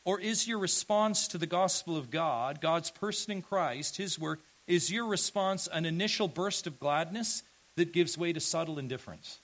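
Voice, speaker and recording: Preacher guy, pitch on the high side, earnest, lots of questions to the congregation, gets loud then drops soft. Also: normal speed, poor audio. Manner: earnest preaching with rhetorical questions, rising to emphatic calls. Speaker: pastor. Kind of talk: sermon.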